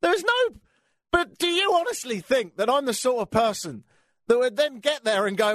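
A man's voice: very high voice, animated, moderate pace, a bit bright, dry recording. An English man hosting a talk radio show, grumbling through a sardonic rant into a studio microphone. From England.

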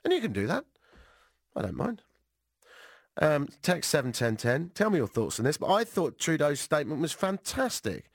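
A British man hosting a talk radio show, sarcastic and animated, jet-lagged. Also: fairly high pitch, moderate pace, gravelly, dry recording, studio quality. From Britain. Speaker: radio host.

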